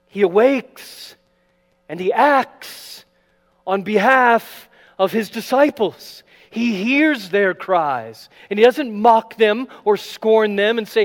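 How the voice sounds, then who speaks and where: High-voiced preacher in a reverberant hall. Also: male voice, lively intonation, slow pace. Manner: dramatic, swings between loud acted quotes and hushed asides. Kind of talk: sermon. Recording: long reverb of a large hall, faint mains hum.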